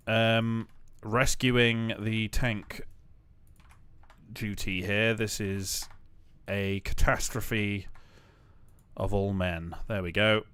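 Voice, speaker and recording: Low, unhurried man chatting while he builds. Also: fairly bright tone, clear, resonant tone. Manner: rambling, joking self-talk with many fillers. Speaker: game developer streaming his work. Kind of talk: casual live-stream commentary while building.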